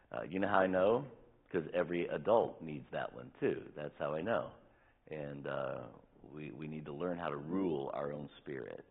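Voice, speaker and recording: A man's voice: low-pitched, husky. A middle-aged man preaching a sermon as pastor, candid and conversational, acting out little quoted asides to make his points. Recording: tinny phone-like sound.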